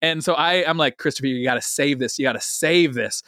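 Animated young man telling a story. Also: fairly high pitch, fairly quick, dry recording, clean studio sound. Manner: animated, laughing, many fillers and restarts. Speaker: podcast guest. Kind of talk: casual storytelling chat.

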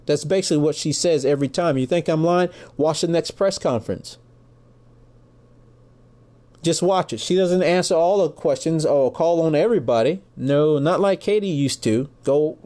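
An American podcast host in middle age who rants with angry, emphatic profanity. His voice sits somewhat high yet sounds mellow and warm. He hammers his points home in a heated political tirade. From United States. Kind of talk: political rant.

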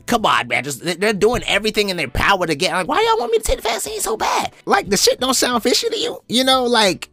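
A man in his twenties doing a profane comedic monologue as a podcast host, swinging up into high-pitched impressions. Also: sing-song, fast talker, hardly any pauses, sharp tone, no room sound. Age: 20s.

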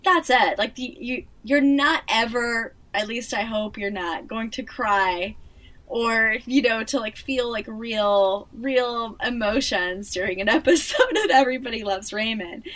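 Woman podcast co-host, bright higher voice, chatty, easy laughs. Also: unhurried, recorded from a distance. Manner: chatty, lots of fillers, expressive laughs. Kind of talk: casual podcast chat.

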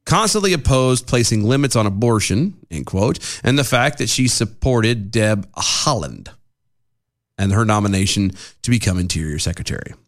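A man co-hosting a podcast, reading news items aloud and then pushing back with his own opinion. He speaks close into a studio mic with a pop filter. His pitch swings widely as he talks. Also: expressive, moderate pace. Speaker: podcast co-host. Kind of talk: casual news chat.

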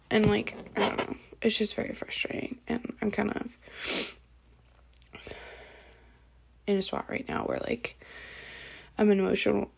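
A woman venting in an emotional diary vlog, her voice thick with gravelly fry and a husky, breathy edge. She sounds tearful, talks in halting bursts and often sinks into near-whispers. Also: medium pitch. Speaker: diary vlogger.

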